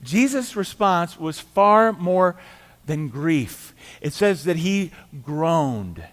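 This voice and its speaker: A middle-aged man preaching a sermon as pastor, telling the story in a conversational way, acting out quoted voices and dropping quiet for emphasis. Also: a little high, animated, takes it slowly. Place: church sanctuary. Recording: church hall reverb.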